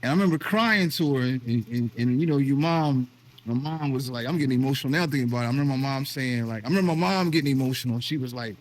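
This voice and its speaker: Middle-aged man from the US, mid-pitched, earnest and emotional, casual host. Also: fast. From United States. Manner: earnest storytelling, emotional, with repeated restarts. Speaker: vlog host. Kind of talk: casual conversation.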